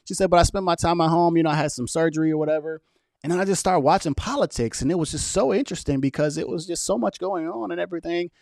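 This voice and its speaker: Animated young man arguing with his chat. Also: a little high, fast talker, creaky, no echo, clean studio sound. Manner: animated, argumentative, talks straight to viewers. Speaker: political vlogger reading live chat. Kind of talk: casual livestream commentary.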